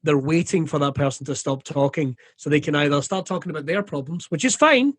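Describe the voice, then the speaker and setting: A man's voice: on the high side, fairly quick, fairly bright tone, no echo. A Scottish man, a comedian and radio presenter, talking candidly and jokily in a casual interview, swearing freely.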